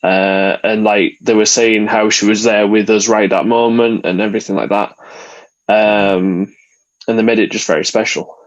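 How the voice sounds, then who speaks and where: A man's voice: fairly low pitch, steady tone, moderate pace. Man on a dull, lo-fi line. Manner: earnest, plain-spoken, laughs lightly. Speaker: podcast guest, father. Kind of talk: casual interview conversation.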